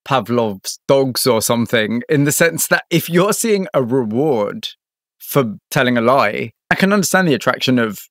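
A man's voice: mid-range voice, expressive, moderate pace, fairly bright tone, no room sound, clean studio sound. A man interviewing a guest, asking probing follow-up questions. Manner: curious, asks probing follow-ups.

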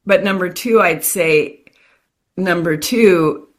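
Low-voiced woman telling a personal story. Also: takes it slowly. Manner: animated, restarts often, acts out quotes. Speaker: guest.

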